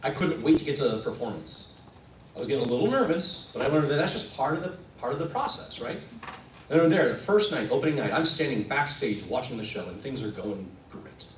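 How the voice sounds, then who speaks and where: A man spins a story for a live audience, his pitch leaping up and down as he acts out each person. He sounds a little distant, in a roomy space with faint ambient noise behind him. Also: animated, brisk. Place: event room at a coffee house performance.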